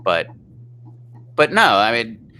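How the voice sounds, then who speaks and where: A man hosting a casual live chat, argumentative and quick to explain at length. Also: on the low side, animated, sharp tone. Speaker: host.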